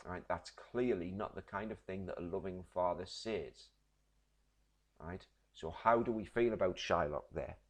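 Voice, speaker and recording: A deep-voiced man teaches a recorded literature lesson. He explains patiently, step by step, and keeps checking in with his class. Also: a little slow. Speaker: English teacher.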